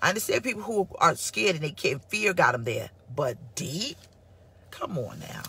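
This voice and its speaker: A woman pastor giving a casual live-streamed sermon, sassy and animated as she answers her online viewers. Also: fairly low pitch, normal speed, breathy edge. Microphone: phone or computer mic for live stream.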